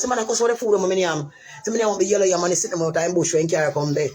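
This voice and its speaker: A woman's voice: fairly low pitch, rapid-fire, a little mellow, husky. A middle-aged woman with a Jamaican accent, telling her life story in casual patois and repeating phrases for emphasis.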